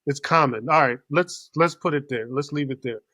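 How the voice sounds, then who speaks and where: Brief: fairly high-voiced male podcast host, animated and profane storyteller, close dry mic. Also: normal speed, no echo. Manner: animated, profane, acts out other people's voices. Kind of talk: casual storytelling chat.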